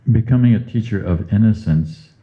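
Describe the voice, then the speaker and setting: Male host, very low voice, unhurried reader, phone-quality sound. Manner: unhurried, reads passages aloud slowly. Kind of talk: spiritual conversation. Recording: tinny phone-like line.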